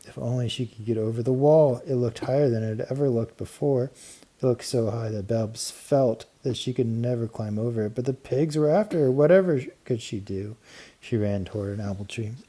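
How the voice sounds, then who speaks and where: A man narrating a children's storybook with steady, clear storytelling and lively emphasis. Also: mid-range voice. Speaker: audiobook narrator. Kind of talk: storybook reading.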